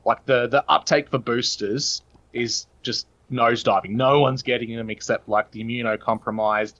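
A man's voice: medium pitch, fairly even intonation, moderate pace, fairly bright tone, dull audio. A man with an Australian accent, a podcast guest talking in long, earnest, opinionated runs. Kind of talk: casual podcast chat.

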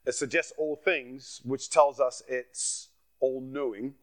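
A man's voice: medium pitch, steady tone, slow pace. A man leading an interactive Bible class as a guest speaker, asking the group questions and repeating his phrases as he teaches.

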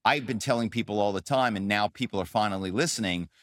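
A middle-aged man, a guest on an interview show, telling his story in an animated, conversational way with many fillers. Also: fairly low pitch, quick pace, no echo, studio quality. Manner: animated storyteller, frequent "um" and "you know". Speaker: podcast guest, author and former corporate spy.

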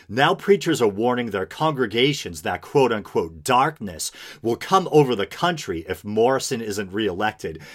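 A man's voice: fairly low pitch, fairly bright tone. A man hosting a podcast, reading news aloud and commenting sarcastically with chuckles. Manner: sarcastic, laughs while reading. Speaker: podcast host.

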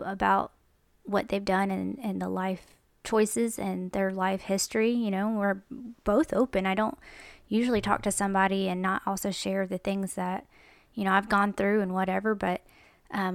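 A woman's voice: mid-range voice, creaky, no echo. A young woman talks casually about faith to her viewers, chatty and mimicking other people as she goes. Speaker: Christian vlogger. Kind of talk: casual faith talk to camera.

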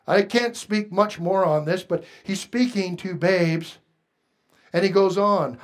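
A man preaching a sermon as pastor, earnest and plain-spoken, moving between hushed confession and loud exhortation. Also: high voice, takes it slowly.

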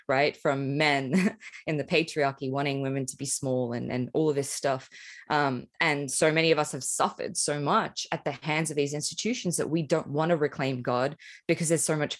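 Low-voiced woman chatting casually. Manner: chatty, frequent "like" fillers, casual swearing. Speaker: podcast host. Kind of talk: casual conversation.

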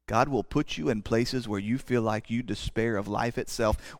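A pastor with a drawl preaches in an easy, conversational way, slowing down for dramatic pauses and now and then tripping over a word and starting again. His voice sits at an ordinary man's pitch. It is recorded close and dry, with no room echo. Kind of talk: sermon.

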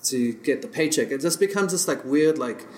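A man's voice: a little high, animated, normal speed. A man from South Africa, a podcast guest telling stories in casual chat, rambling and heavy on fillers, often chuckling as he talks. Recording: roomy podcast room echo.

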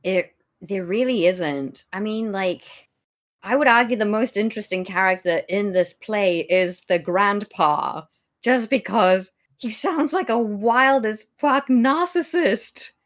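A woman co-hosting a podcast, chatting about a classic comedy in an animated, blunt way with casual swearing. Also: medium pitch, slow. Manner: animated, swearing, mock-exasperated. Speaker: podcast co-host. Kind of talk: casual discussion of a classic play.

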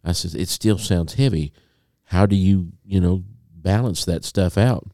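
A man co-hosting a podcast, telling a long story in a casual, animated way and acting out a phone call. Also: sits low, a little slow, no echo, studio quality. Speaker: podcast co-host.

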